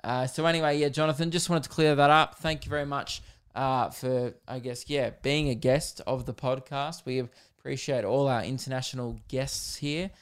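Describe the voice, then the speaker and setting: Smooth-voiced Australian man podcasting. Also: medium pitch, fairly even intonation, normal speed. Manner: rambling and jokey, with lots of fillers. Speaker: podcast host. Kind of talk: casual solo podcast chat.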